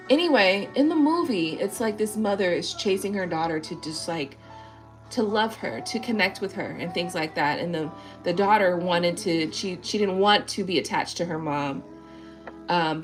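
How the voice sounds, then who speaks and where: A woman's voice: lowish voice, moderate pace, soft background music. A woman tarot reader on a live stream, reading viewer comments in rambling, casual talk full of swearing and tag questions.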